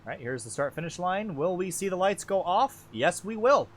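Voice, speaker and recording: A man calling an online truck race as lead commentator, chatty and self-deprecating, jumping up in pitch when the action picks up. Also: sing-song, moderate pace. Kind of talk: sim racing play-by-play commentary.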